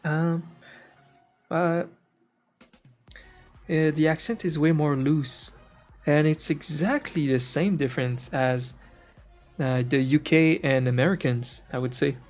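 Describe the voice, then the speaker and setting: A man's voice: a little high, fairly even intonation, slow pace, a little mellow, faint music behind. Man chatting loosely on stream. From French-speaking Canada. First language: French. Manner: rambling, searches for words, frequent fillers and restarts. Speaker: art streamer. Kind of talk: casual chat while drawing on stream.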